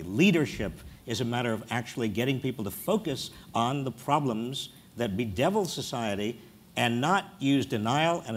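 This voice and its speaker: Earnest man speaking on a panel. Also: medium pitch. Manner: earnest and measured, with frequent hesitations. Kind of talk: panel discussion. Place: stage at a conference before an audience.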